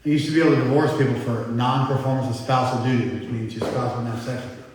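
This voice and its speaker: A man's voice: mid-range voice, steady tone, quick pace, a little mellow. A middle-aged man, a spiritual teacher, giving a blunt, conversational lecture to a class and quizzing the audience. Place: large hall with a live audience. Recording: echoey hall from a distance.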